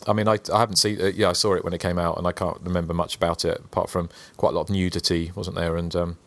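Very low-voiced podcast host, dry sound. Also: male voice, flat delivery, quick pace, no room sound. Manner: hesitant, many fillers. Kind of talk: casual chat.

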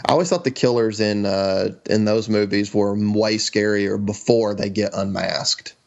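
A man co-hosting a casual podcast chat, relaxed, often saying "you know" and "like". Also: on the low side, a little slow, vocal fry, muffled recording. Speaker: podcast co-host.

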